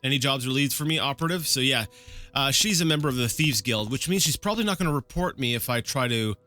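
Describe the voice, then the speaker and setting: A man talks his way through a video game in a bright, forward voice, thinking out loud and restarting his sentences often. Faint game music plays under him. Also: medium pitch, quick pace. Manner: rambling and self-correcting, with frequent fillers and restarts. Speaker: let's play gameplay commentator. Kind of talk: casual live gameplay commentary.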